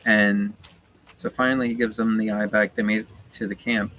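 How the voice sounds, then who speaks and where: Low-voiced man rambling over background noise. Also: little pitch movement, moderate pace, sharp tone, low-quality recording. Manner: rambling, full of "like" and "uh" fillers. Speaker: gamer retelling a story while playing. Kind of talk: casual rambling retelling.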